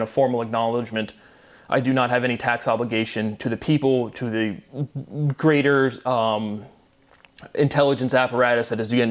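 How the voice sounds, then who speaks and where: A man in a solo video monologue, rambling and repeating himself, agitated and swearing often. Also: mid-range voice. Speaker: vlogger.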